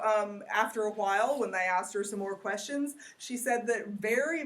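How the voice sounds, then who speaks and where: A woman teaches a college geography class. Her voice sits at an ordinary middle pitch, and she keeps the lecture loose and conversational, often turning questions back to the students. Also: a bit bright.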